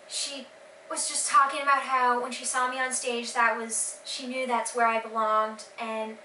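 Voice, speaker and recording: A teenage girl casually recounting her day in a vlog, gushing and excited with lots of fillers. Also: sits high, reverberant, recorded from a distance, a little hiss or hum, rough recording. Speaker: vlogger.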